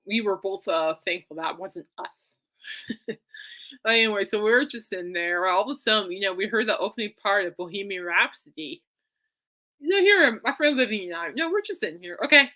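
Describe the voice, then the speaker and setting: This is a woman hosting a solo podcast, rambling through a story with lots of fillers, restarts and bursts of excitement. Her voice is bright and forceful, sitting at an ordinary pitch for a woman. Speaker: podcast host. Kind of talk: casual rambling monologue.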